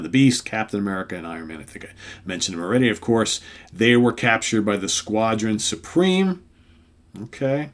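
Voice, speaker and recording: Rambling older man reviewing comics. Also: on the low side. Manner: rambling, lots of "right?" and "of course". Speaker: comic book reviewer host. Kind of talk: casual comic read-through.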